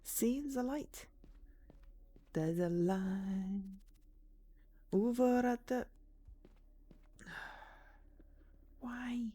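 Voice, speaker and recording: A woman's voice: medium pitch, drawn-out words, pauses often, warm tone. A woman streaming a point-and-click game, chatting casually and reading the game text aloud with joking asides. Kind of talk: casual let's-play commentary.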